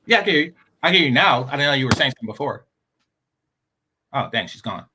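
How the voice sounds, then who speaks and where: A man's voice: mid-range voice, sing-song, quick pace, background noise. A man hosting a live-stream talk show, giving blunt, rambling commentary with many repeated words. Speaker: show host.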